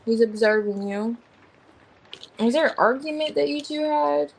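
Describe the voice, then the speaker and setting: A woman's voice: high voice, measured pace, vocal fry, darkish tone, rough recording. A woman giving a casual tarot reading in an informal, slangy way, thinking aloud as she names the cards. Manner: rambling, thinking aloud while naming cards. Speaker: tarot reader.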